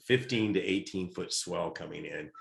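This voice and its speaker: A middle-aged man, a podcast guest, telling lively stories in casual conversation. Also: deep voice, moderate pace, creaky. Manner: lively anecdotal storyteller. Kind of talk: casual storytelling. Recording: roomy echo.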